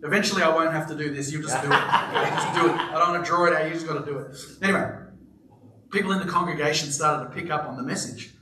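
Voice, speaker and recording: A man's voice: a little high, fast, reverberant, distant mic, very noisy. A man preaching a sermon to a live congregation, telling stories with playful asides. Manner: animated storytelling with playful asides. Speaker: pastor. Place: church auditorium with live congregation.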